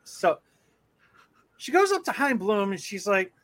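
A man's voice: high-pitched, very animated, a little slow, a bit bright. A young man hosting a podcast, telling rambling stories in casual chat with lots of swearing and filler words. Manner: profane rambling storytelling. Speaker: podcast host.

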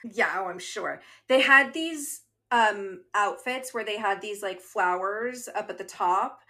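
A woman's voice: mid-range voice, takes it slowly, pushed and bright. A woman in her thirties co-hosting a podcast, chatting earnestly and reading out episode summaries. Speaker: podcast co-host. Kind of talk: casual chat.

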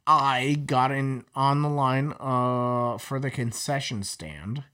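A man co-hosts a podcast and talks at a middle pitch. He rambles through restarts and fillers, swearing freely. His delivery is loose and conversational. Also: slow pace, pushed and bright, clear, resonant tone. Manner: rambling, profane, lots of fillers. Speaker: podcast co-host. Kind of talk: casual chat.

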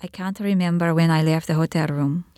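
A young woman testifying as a witness in court, answering in a halting, hesitant way. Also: deep voice, steady tone, mellow, no room sound, clean studio sound. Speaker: trial witness.

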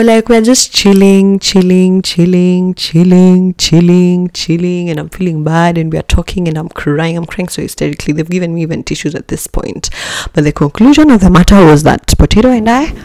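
Animated young woman telling a story. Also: fairly low pitch, normal speed, dry recording, clean studio sound. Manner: animated and dramatic, slipping into Swahili slang. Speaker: podcast host. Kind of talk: casual storytelling.

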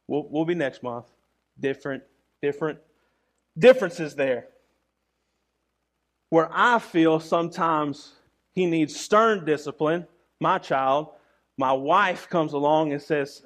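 A man's voice: on the high side, a little slow, a bit bright. A young adult male pastor preaching a sermon earnestly, often repeating words and asking the congregation rhetorical questions.

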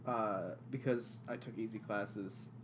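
A young man co-hosting a podcast, talking in a dry, self-deprecating way with quiet asides. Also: on the low side, steady tone, measured pace, slight background noise. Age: young adult. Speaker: podcast co-host. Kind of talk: casual chat.

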